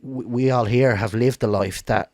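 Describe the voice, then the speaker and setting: A man's voice: mid-range voice, steady tone, moderate pace, darkish tone, dry recording, clean studio sound. Emotional, rambling Irish man host. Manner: emotional, rambling, swears freely, stumbles. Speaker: podcast co-host. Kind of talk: casual chat.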